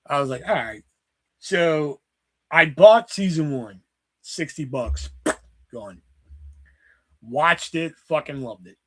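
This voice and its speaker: A man in his thirties hosting a casual livestream, rambling and swearing as he tells animated stories. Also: a little high, slow, long pauses. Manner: rambling, profane, animated storytelling. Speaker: livestream host.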